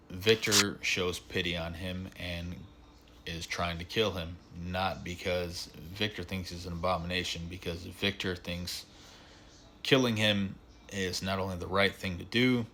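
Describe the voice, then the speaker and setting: Deep-voiced man rambling through a film review. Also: bright, forceful tone, a little hiss or hum. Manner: rambling, filler-heavy retelling with frequent "like" and "um". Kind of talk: casual spoken film review.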